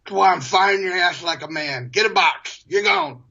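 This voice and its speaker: A man voicing a gruff older car dealership manager who mumbles as if his cheeks are stuffed with cotton. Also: high-pitched, huge pitch swings, normal speed, pushed and bright, lo-fi sound, pitched above the performer's own voice, exaggerated voice. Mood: blunt.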